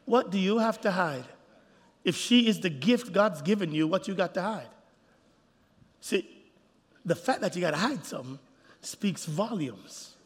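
Male preacher, high and animated, echoing hall. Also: measured pace, pauses often, husky. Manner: animated, acts out voices, calls out to the crowd. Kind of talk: sermon. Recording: reverberant hall.

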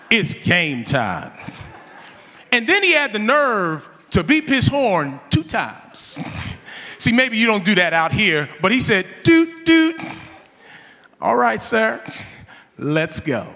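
A man preaching a sermon, telling a personal story with animated delivery and calling on the congregation. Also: sits high, big-room sound.

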